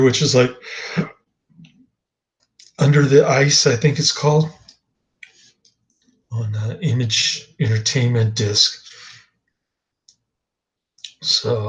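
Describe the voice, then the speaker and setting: A man's voice: mid-range voice, poor audio. A man giving a casual, rambling movie review, hesitant with many fillers and restarts, dry and dismissive.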